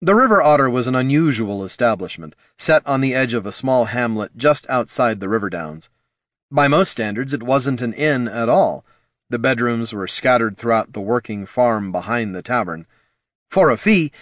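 A man reading a fantasy novel aloud with expressive storytelling. His pitch moves a lot through each phrase. The recording is close and dry. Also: no echo. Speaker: narrator. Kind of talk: audiobook narration.

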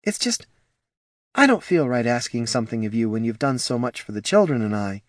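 A man voicing an anxious, motherly female gnoll who speaks gently and pleads. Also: mid-range voice, big pitch swings, brisk, no echo, studio quality, close to an everyday voice. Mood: pleading.

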